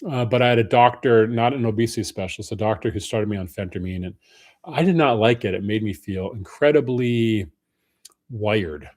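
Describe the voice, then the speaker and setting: A man's voice: fairly low pitch, normal speed, darkish tone. A man hosting a casual live stream Q&A, greeting viewers by name in a friendly way. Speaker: livestream host.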